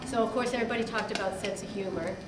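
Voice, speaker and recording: A middle-aged woman giving an informal birthday toast to her father, halting and giggling, with many fillers. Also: medium pitch. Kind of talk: informal party speech. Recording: echoey hall, far mic, loud crowd noise.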